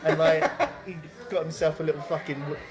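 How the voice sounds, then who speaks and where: Crude, animated young British man telling a story. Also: fairly high pitch, brisk, a crowd in the background. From Britain. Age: young adult. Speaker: podcast co-host. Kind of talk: casual storytelling chat.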